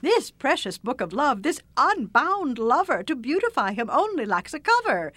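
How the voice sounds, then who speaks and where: A woman's voice: high voice, sing-song, moderate pace, fairly bright tone, dry recording, heavily acted. A woman playing a stately, commanding noble mother, speaking formal verse in Shakespearean stage acting.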